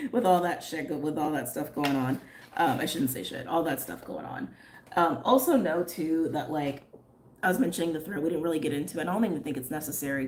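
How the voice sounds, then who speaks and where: A woman reading tarot and chatting casually on a livestream, rambling and laughing often, her voice a little hoarse. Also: low voice. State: slightly hoarse. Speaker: tarot reader.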